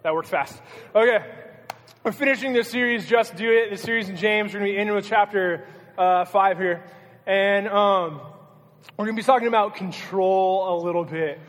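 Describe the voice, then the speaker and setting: A man's voice: high voice, normal speed, a bit bright. A young man preaching a casual, joking youth sermon as pastor. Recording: hall reverb.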